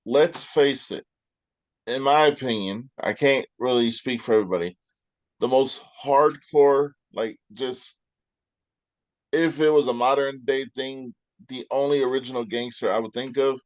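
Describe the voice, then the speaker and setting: A man talking on a podcast in a casual, deliberate way, building slowly to his points. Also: medium pitch, no echo. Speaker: podcast guest. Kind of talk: casual chat.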